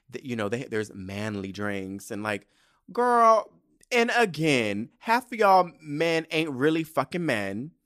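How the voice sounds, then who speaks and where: A young man hosting his own podcast, ranting and telling stories in a sassy, profane, animated way. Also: fairly high pitch. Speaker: podcast host. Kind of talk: casual solo podcast rant.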